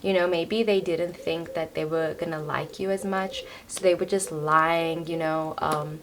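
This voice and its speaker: A woman's voice: sits low, fairly even intonation, a little slow, background noise. Chatty young woman reading tarot cards. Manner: chatty, filler-heavy, lots of "like" and "you know". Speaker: tarot reader. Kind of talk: casual tarot reading to camera. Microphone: camera on a tripod.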